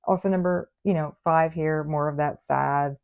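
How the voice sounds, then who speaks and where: A woman's voice: deep voice, fairly even intonation, normal speed, vocal fry, a little mellow, dull audio. A woman doing a casual tarot reading for her viewers, chatty and playful, teasing them with mock scolding. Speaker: tarot reader.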